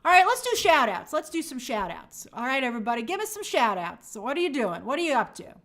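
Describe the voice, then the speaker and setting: A woman's voice: high-pitched, very animated, quick pace, a bit bright. A woman hosting a livestream, chatting casually and reading viewer comments aloud in an upbeat way. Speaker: livestream host reading chat. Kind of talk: casual live chat.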